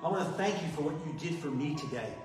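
A man's voice: fairly high pitch, lively intonation, fast talker, distant mic. A man giving a testimony speech as a guest speaker at a recovery meeting, plain-spoken and earnest as he tells his story. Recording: echoey hall from afar with music.

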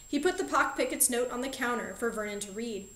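A woman reads a children's storybook aloud, telling it in a clear, even way. Her voice sits a little on the high side, and the recording carries a roomy echo. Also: fast. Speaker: audiobook narrator. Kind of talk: storybook narration.

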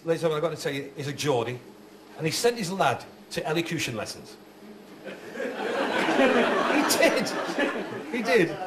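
A man doing live stand-up comedy, joking and chatting with the audience. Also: high voice. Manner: jokey, chats with the audience. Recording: live room with audience noise.

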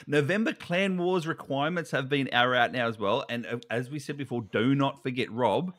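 Man, podcast co-host, casual chat, playful, teasing, laughs a lot, middle pitch. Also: normal speed, a bit bright.

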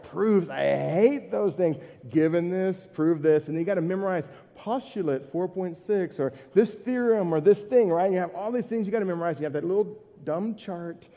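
A man's voice: high voice, dark tone, long reverb tail. A man preaching a sermon to a church congregation in a conversational way, asking questions and repeating his points. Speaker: pastor.

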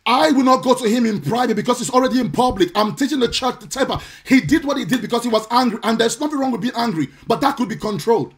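A man with a very high voice preaches on a live stream. He is forceful and indignant, hammering his points again and again, and now and then he lapses into a sing-song cadence. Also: animated, fast talker, hardly any pauses. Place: home or church, streaming live.

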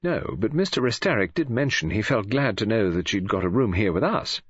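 A man voicing a brisk, conventional young woman who speaks in a clipped, insistent way, in an audiobook reading. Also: on the low side, animated, husky, dry recording, voice pushed up. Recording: dull lo-fi audio.

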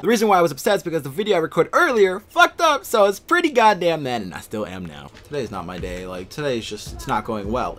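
A young man ranting and swearing over a video game, swinging between yelling and low muttering. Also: big pitch swings, quick pace, hardly any pauses. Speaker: gaming YouTuber. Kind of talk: angry gameplay commentary.

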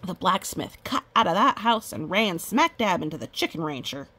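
A woman's voice: lowish voice, expressive, normal speed, few pauses, sharp tone, breathy edge. A woman reading a children's picture book aloud, chatting and delighting over the illustrations. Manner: chatty, amused, commenting on pictures. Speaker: storybook reader.

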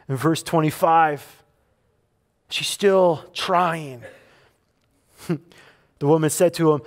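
High-pitched guy preaching at church, chatty but punchy, keeps repeating lines for emphasis. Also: animated, takes it slowly, long pauses. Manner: conversational preaching with emphatic repetition. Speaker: pastor. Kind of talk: sermon. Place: church service.

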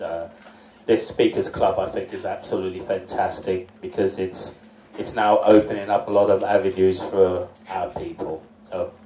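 A man chairing a panel, introducing himself in an easygoing, halting way. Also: sits low, dark tone, a little hiss or hum. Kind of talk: self-introduction. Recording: echoey hall, distant mic.

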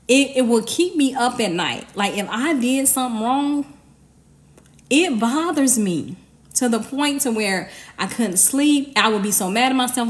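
A woman giving an informal, emphatic sermon, talking conversationally with slang and repeated commands. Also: on the high side. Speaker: preacher.

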